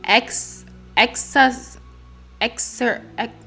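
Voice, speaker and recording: A woman's voice: on the high side, steady tone, very slow, vocal fry, pushed and bright. A woman hosting a let's play video, giggly and self-mocking as she comments, with faint game music behind. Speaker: gaming video host.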